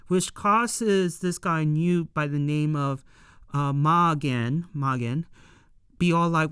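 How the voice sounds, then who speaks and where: A slow-talking reviewer with a smooth, clean voice walks through an episode in a relaxed, rambling recap. The sound is dry and close, with no room behind it. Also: mid-range voice, no room sound. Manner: rambling, heavy fillers, loosely paraphrases scenes.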